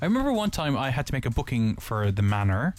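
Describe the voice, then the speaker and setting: A man's voice: medium pitch, fast talker, faint music behind. Teasing Irish man radio host. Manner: teasing, relaxed banter. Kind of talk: casual radio chat.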